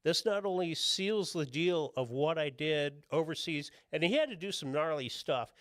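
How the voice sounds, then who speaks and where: A man's voice: on the high side, expressive, moderate pace, fairly bright tone, no room sound, clean studio sound. A man, a tattoo artist guest, talks casually on a podcast, rambling and peppering his stories with "dude" and "you know what I mean.".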